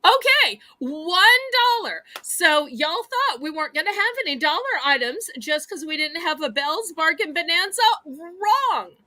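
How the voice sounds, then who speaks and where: A woman with a Southern American accent hosting a live home-shopping auction, with chatty, animated selling patter. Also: high-pitched, normal speed, few pauses.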